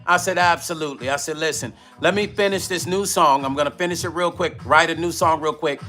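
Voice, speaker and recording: An older man from Brooklyn with a New York accent, chatting casually on a livestream, giving slangy shout-outs to viewers and laughing often. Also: a little high, fairly quick, faint music behind. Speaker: music vlogger hosting a livestream.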